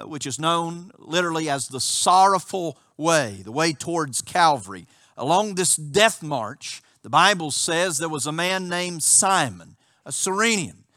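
A man's voice: fairly high pitch, sharp tone, no echo, studio quality. A male pastor preaching a sermon with passion, asking rhetorical questions of his congregation.

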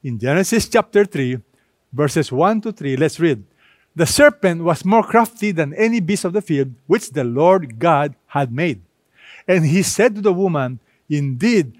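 A man preaching a sermon with emphasis, slowing down to press key words. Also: fairly high pitch, animated, dry recording, clean studio sound. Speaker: pastor.

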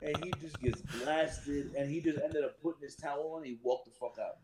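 A man, a Marine reservist, telling profane, animated stories as a podcast guest. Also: fairly high pitch, fairly quick, roomy sound, noisy background. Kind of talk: casual storytelling chat.

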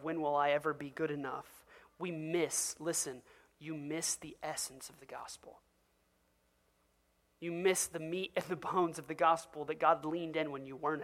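A pastor delivering an animated, conversational sermon, asking the listeners direct questions and acting out the voices he quotes. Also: mid-range voice. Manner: asks the audience direct questions.

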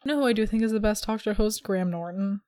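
A woman's voice: mid-range voice, steady tone, fast talker, dark tone. Rambling young woman podcast host. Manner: rambling, filler-heavy, teasing. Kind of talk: casual chat.

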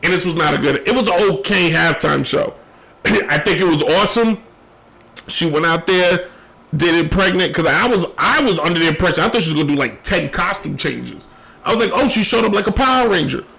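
On a rough recording, a man with a slightly high, sharp voice speaks fairly quickly with lively intonation and vocal fry. He's running his own sports show alone, rambling emphatically and repeating key phrases. After a long day he sounds tired and is losing his voice.

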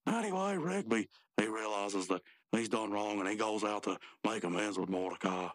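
A man with a fairly low voice, co-hosting a casual podcast and retelling a cartoon's plot. He tells it loosely, wandering into asides along the way. The sound is dry and close to the mic. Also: flat delivery, normal speed, fairly bright tone, dry recording. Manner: loose, rambling storytelling with asides. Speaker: podcast co-host. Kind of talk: casual chat recapping a cartoon.

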